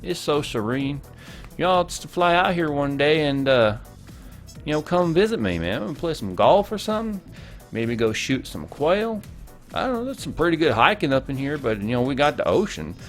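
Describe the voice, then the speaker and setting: A man's voice: on the high side, sing-song, moderate pace, soft background music, voice pushed up. A man putting on a rural Southern American accent, playing a homespun, folksy family man with country phrasing. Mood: laid-back. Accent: put-on American Southern.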